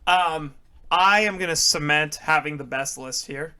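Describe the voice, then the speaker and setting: A man's voice: a little high, measured pace, over a noisy crowd. A man co-hosting a podcast, boasting and joking, laughing as he talks in casual chat. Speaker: podcast co-host.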